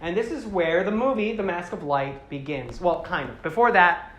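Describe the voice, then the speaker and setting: A woman giving a rambling, animated casual talk to a live audience, often slipping into character voices. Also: fairly low pitch, normal speed, reverberant, slight background noise. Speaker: presenter.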